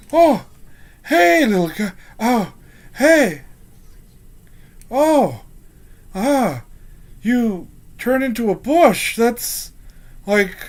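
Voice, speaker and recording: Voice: medium pitch, very animated, very slow, darkish tone, pitched above the performer's own voice. A game master voicing a nervous male camp guard who stammers and panics easily. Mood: panicked.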